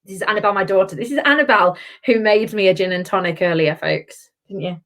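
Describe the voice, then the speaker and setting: A woman's voice: medium pitch, fast talker, a bit bright. A woman hosting a chatty live-stream gin review from home, effusive and talking straight to her viewers by name. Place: at home, with her children wandering in.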